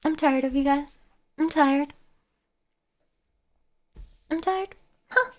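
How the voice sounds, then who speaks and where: A woman streamer talks casually to her chat in a high, bright-pitched voice. She is animated and quick to exclaim, with a playful mock-exasperation running through her talk. She is close on a streaming desk mic. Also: slight background noise. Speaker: live streamer.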